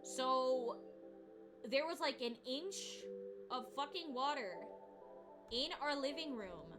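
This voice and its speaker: A high-pitched young woman chats casually on a stream. She rambles and swears through her stories, breaking into laughs, with clear music playing behind her. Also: animated, slow. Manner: profane, rambling, laughs often. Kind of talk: casual chat storytelling.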